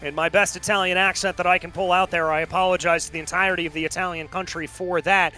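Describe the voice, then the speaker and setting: Bright high-voiced racing commentator man. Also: level tone, fast talker. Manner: upbeat, rattling off standings. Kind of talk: play-by-play broadcast commentary.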